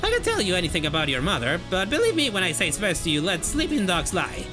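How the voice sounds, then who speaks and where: A game streamer putting on a stern older woman who bluntly warns two youngsters off, pitched higher than the streamer's own talk. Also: wildly swooping pitch, fast talker, over music. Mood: scolding. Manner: scolding, blunt, warning.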